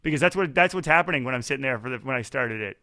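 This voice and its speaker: A male podcast host talks over a video call in a bright, forward voice. He chats casually and tells animated, self-deprecating stories, sometimes acting out his own inner voice. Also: medium pitch, very fast. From Canada.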